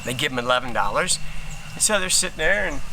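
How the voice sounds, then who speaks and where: A man giving a casual motivational talk as a healing coach, telling a story in an animated, slangy way and acting out other people's lines. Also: mid-range voice, quick pace, creaky, noisy background.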